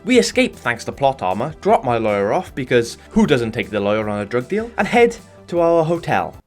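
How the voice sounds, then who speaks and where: A man's voice: medium pitch, a little fast, soft background music. A British man giving sweary, sardonic comedic voice-over commentary on a game. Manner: sardonic, sweary deadpan jokes. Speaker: gaming YouTuber.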